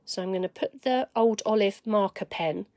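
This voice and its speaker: A woman's voice: mid-range voice, moderate pace, darkish tone, no room sound. Woman, chatty craft demonstrator, talks to viewers, thinks aloud, close dry sound. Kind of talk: live stream craft demonstration.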